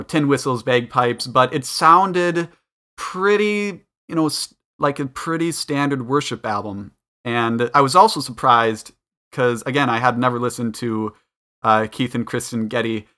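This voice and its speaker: A man's voice: mid-range voice, sharp tone. A man co-hosting a podcast in casual chat, talking things through aloud with fillers. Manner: chatty, thinking aloud with fillers. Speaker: podcast co-host.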